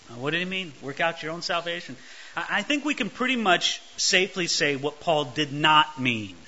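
Guy preaching a sermon, really animated, sharp bright voice, kinda muffled recording. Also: fairly high pitch, moderate pace. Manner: animated, emphatic, acts out quoted voices. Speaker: pastor. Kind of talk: expository sermon. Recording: dull lo-fi recording.

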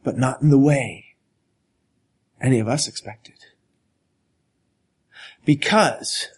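Slow, husky-voiced male preacher. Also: a little high. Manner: slow, earnest preaching with dramatic pauses and sudden drops to a whisper. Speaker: pastor. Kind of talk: sermon.

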